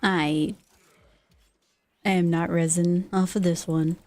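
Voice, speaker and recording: A woman's voice: fairly low pitch, steady tone, slow pace, darkish tone. Chatty woman streamer, casual talk. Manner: chatty, reacts to chat messages. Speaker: live streamer. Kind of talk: casual live-stream chat. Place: lives in the United States.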